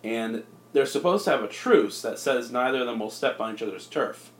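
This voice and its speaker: A man talks at a middle pitch in a loose, rambling way, full of "like" and restarts, as he pitches a cartoon movie plot. His voice bounces off the walls of an echoey room. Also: expressive, fairly quick. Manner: rambling, filler-heavy, jumps into silly voices. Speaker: podcast co-host pitching a movie. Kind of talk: casual comedic podcast chat.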